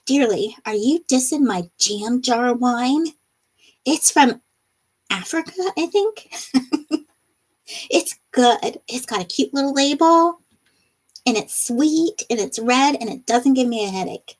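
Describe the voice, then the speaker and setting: High-pitched lady host chatting on a live stream, unhurried, giggles a lot, reads out comments. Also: rough recording. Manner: giggly, laughs often between comments; reads viewer comments aloud playfully. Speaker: livestream host. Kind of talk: casual live-stream chat reading comments.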